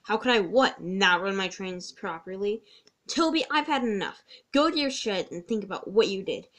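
A woman's voice: mid-range voice, expressive, normal speed, close to an everyday voice. A woman voicing a strict male railway boss who scolds an engine for being late. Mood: scolding.

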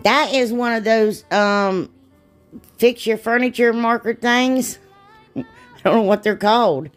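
A woman's voice: fairly high pitch, takes it slowly, faint music behind. A woman chatting casually through a craft tutorial, rambling and self-deprecating, laughing at herself. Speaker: DIY crafts vlogger.

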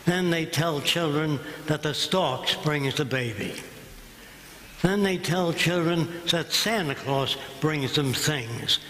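An older man gives a public lecture in a lecture hall, blunt, combative and sarcastic. His voice is on the high side, slow and fairly bright, and the recording carries the hall's echo and room noise.

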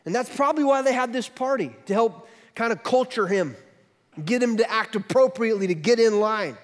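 A man preaching a sermon as pastor, telling a story in an animated way with quick swings from loud to soft. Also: very high-pitched, big-room sound.

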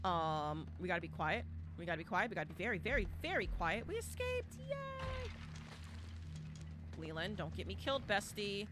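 A woman streaming a live game, talking fast and often in bursts, shouting and repeating herself as the game goes on. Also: on the low side, music in the background. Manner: animated, exclaiming and shouting at the game; talks to chat and teammates, repeats phrases. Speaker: gaming streamer. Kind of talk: live gameplay commentary.

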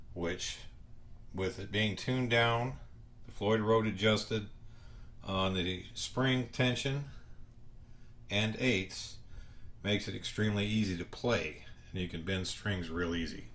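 A man hosting a home guitar tutorial, short of breath and speaking in slow, halting phrases with pauses. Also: lowish voice, fairly bright tone.

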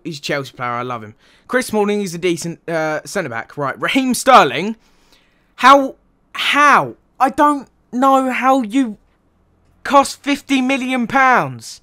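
A young man vents his fury about football in a furious, sarcastic rant, swearing freely and tagging lines with "right?". His voice sits a little high and carries a bright, sharp edge. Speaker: football fan vlogger.

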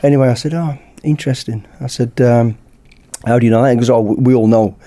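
A British man, a podcast guest, telling a lively anecdote in casual chat and acting out the dialogue. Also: mid-range voice, fast talker. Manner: lively anecdote-teller who acts out dialogue. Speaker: podcast guest, former bodyguard.

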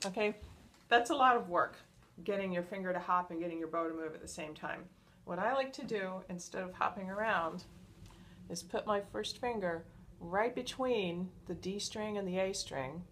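A woman teaching a violin lesson, patient and encouraging, explaining each step slowly. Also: medium pitch, a bit bright, slight background noise. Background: violin playing.

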